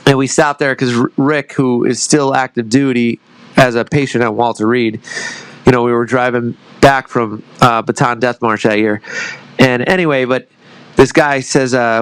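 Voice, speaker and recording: A man's voice: mid-range voice, fairly even intonation, moderate pace, smooth, no echo, rough recording. A man in his thirties, a retired army veteran, talks as a podcast guest. He tells his story in a loose, rambling way, swears freely and pokes fun at himself as he goes. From United States. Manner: rambling, profane, self-deprecating storyteller. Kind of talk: casual storytelling interview.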